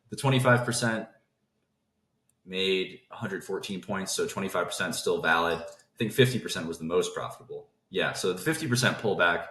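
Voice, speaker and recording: A man with a very low voice runs through a casual trading lesson at a rapid clip. He keeps cutting off his own thoughts and starting over. The room around him has a clear echo. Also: pushed and bright. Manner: fast talker who interrupts his own thoughts. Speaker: trading video host.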